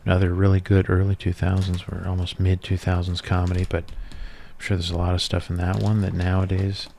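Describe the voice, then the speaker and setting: A deep-voiced man in his thirties, talking in a soft-spoken ASMR style. He rambles casually and nostalgically, with a low, easygoing voice. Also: completely flat delivery, fairly quick, creaky, a little hiss or hum. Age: 30s. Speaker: ASMR creator.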